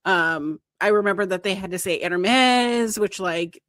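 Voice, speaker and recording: A woman co-hosting a casual podcast, retelling events with animated flair and acting out quoted lines. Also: on the low side, moderate pace, no echo. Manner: animated storytelling, acts out quoted lines, swears when worked up. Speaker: podcast co-host.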